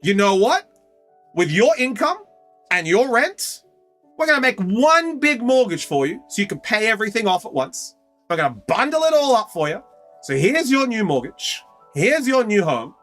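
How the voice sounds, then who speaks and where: A man doing a salesy, high-voiced bank manager. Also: very animated, normal speed, fairly bright tone, faint music behind. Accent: Australian. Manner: salesy, eager to please. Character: upbeat smooth-talking male bank manager.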